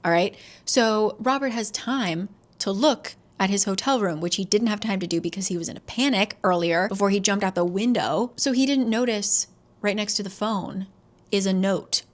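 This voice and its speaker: Animated laughing woman recapping a book. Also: medium pitch, moderate pace. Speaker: book vlogger.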